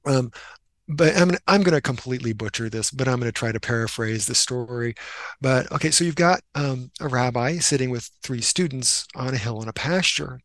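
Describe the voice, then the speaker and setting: A man who is a Christian minister and writer, talking as a guest in an earnest, reflective storytelling way that slows down for emphasis. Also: medium pitch, fairly bright tone, no room sound.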